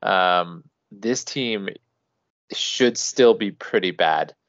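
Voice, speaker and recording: A man's voice: low voice, drawn-out words, fairly bright tone, no echo. A man co-hosting a hockey podcast in a laid-back, dry-humored way, with frequent restarts. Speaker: podcast co-host. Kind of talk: casual sports chat. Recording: dull dry lo-fi sound.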